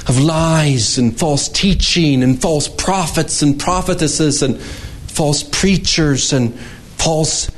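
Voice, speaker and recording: A man preaching a sermon as pastor, slow and emphatic, his voice climbing high when he quotes scripture. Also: low-quality recording.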